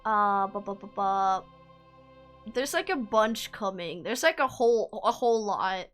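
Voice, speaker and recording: A woman's voice: mid-range voice, expressive, measured pace, a bit bright, soft background music. A woman streamer chatting casually to her viewers, giggly and self-deprecating. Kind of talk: casual live-stream chat.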